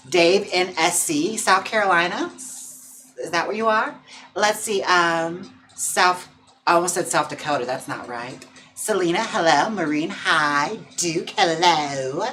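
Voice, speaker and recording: A man's voice: high voice, slow pace, sharp tone, a little hiss or hum. A drag queen hosting a casual livestream, chatting playfully and campily with viewers. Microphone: own mic.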